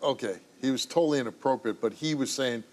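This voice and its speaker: A man's voice: mid-range voice, quick pace, a little mellow, a little hiss or hum. A man hosting a talk show, asking a guest blunt, probing questions. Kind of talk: interviewing a guest.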